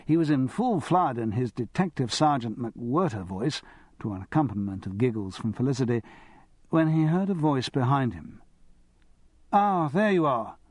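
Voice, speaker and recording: A man narrating an audiobook in a wry, expressive manner. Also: mid-range voice, dry recording.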